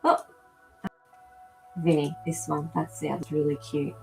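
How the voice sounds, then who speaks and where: A woman's voice: sits low, little pitch movement, a little slow, vocal fry, faint music behind, poor audio. A woman hosting a live animal communication show, talking casually to viewers and thinking aloud with many ums. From not from America. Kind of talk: live-stream reading for viewers.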